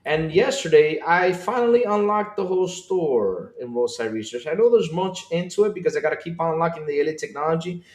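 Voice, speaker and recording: A man co-hosting a gaming livestream and chatting with viewers in a roomy, echoey space. He talks with excitable energy, often repeats his phrases, and his voice sits a little high for a man. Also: fairly quick, hardly any pauses. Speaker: podcast co-host. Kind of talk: casual livestream chat.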